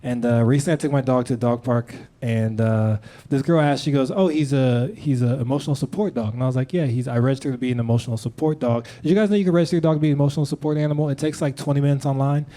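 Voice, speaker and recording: A man doing a stand-up set in a club, animated storytelling with quick put-on voices. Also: medium pitch. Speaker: stand-up comedian. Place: comedy club stage with audience. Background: audience laughter.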